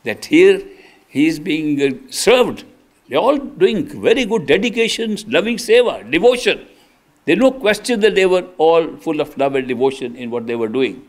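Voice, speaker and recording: A man's voice: fairly high pitch, very animated, normal speed. An older man giving an earnest sermon as a spiritual teacher, telling stories with emphatic restarts. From India. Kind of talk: storytelling sermon.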